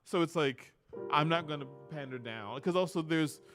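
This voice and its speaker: A man's voice: fairly high pitch, moderate pace. A man talking casually about music, with restarts, now and then singing a show tune. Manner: breaks into singing show tunes mid-talk. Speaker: musician guest.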